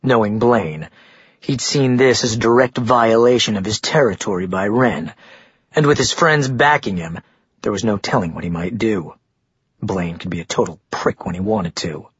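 A man narrating an audiobook in a steady storytelling manner. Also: fairly low pitch, normal speed, breathy edge, dry recording. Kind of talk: scripted narration. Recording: dull dry muffled recording.

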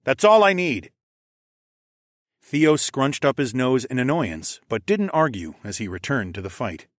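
A man reading a first-person audiobook in steady, measured scripted narration. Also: mid-range voice, dry recording, clean studio sound.

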